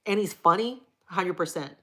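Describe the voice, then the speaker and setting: Middle-aged woman, livestream host, low-ish voice, blunt, casual and profane. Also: a little fast, fairly bright tone. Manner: frank and profane, chatty. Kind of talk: casual live chat reading viewer comments.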